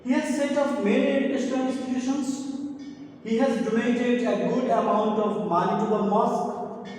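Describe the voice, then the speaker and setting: A man's voice: extremely high pitch, steady tone, moderate pace, a little mellow, a little hiss or hum. A man teaching an English grammar lecture, speaking repetitively and often addressing his listeners as dear students. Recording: echoey room, far from the mic.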